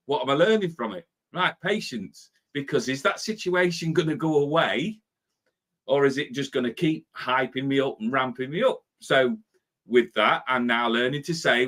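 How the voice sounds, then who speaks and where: A man in his fifties hosting a motivational talk as a spiritual life coach, lively and quick to act out his own impatient inner voice. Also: on the high side. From Britain. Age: 50s.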